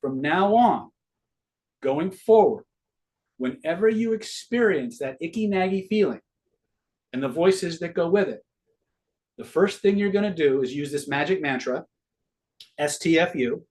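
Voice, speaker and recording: A man's voice: on the high side, animated, a little slow, pauses often, darkish tone. A middle-aged man teaching a live online master class in a casual way, swearing freely and quizzing his audience.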